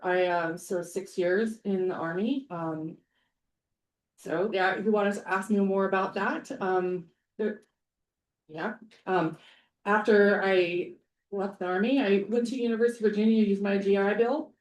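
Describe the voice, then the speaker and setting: A woman's voice: medium pitch, a little mellow. A woman in her forties from Montana introducing herself as a candidate at a townhall, chatty and informal with many ums. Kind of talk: casual campaign introduction. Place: public meeting hall. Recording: echoey hall.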